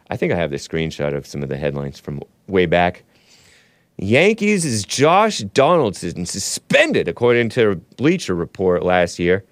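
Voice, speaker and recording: A man's voice: on the low side, no echo, studio quality. Sarcastic rambling male show host. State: a little under the weather. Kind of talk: solo political commentary stream.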